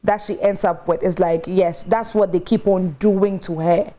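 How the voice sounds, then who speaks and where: A woman's voice: on the low side, fairly even intonation, normal speed, warm tone. A woman hosting a live morning TV talk show, taking calls and steering the panel with frequent short affirmations.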